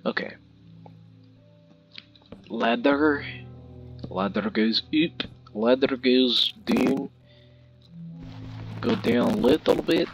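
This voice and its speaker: A man's voice: mid-range voice, very slow, long pauses, soft background music. A man casually commenting on his own gameplay, rambling and playful with goofy wordplay, recorded on a home mic. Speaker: gaming video creator. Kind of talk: casual let's-play commentary.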